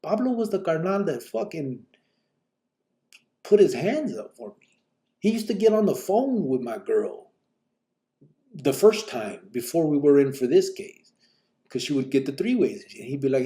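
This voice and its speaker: Guy telling his story on a live stream, gravelly dark voice, swears a lot, says "you know what i'm saying" all the time. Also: on the high side, big pitch swings, moderate pace, long pauses.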